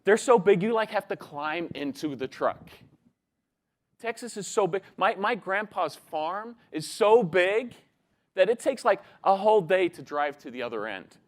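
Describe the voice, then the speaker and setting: Eager, boastful young Texan boy, put on by a male speaker with a raised, lively pitch. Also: unhurried. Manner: breathless, eager bragging.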